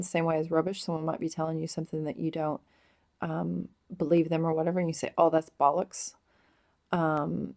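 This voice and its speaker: A woman explaining slang words in a casual vlog, hesitant and full of drawn-out ums. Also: low voice, gravelly, warm tone. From United States. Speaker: vlogger explaining British slang.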